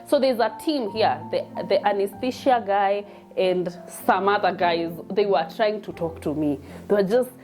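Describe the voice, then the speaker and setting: A woman's voice: mid-range voice, moderate pace, darkish tone, soft background music. A young woman with a Kenyan accent telling a personal story in a chatty, emotional way, mixing English and Swahili. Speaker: vlogger telling her birth story.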